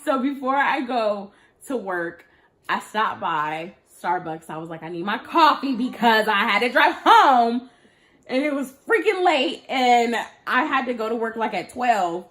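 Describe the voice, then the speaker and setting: A woman in her twenties telling a story in a casual, animated way, acting out what each person said. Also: fairly high pitch, unhurried. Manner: animated, dramatic retelling with voiced quotes.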